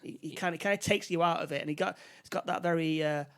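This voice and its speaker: A man's voice: a little high, steady tone, fast, fairly bright tone, smooth. A man co-hosting a casual film podcast, rambling through the plot with many repeated words and restarts. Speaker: podcast co-host.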